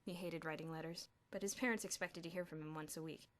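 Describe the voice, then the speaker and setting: A woman's voice: low voice, fairly even intonation, quick pace. A woman narrating a children's novel as an audiobook, telling the story expressively. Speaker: audiobook reader.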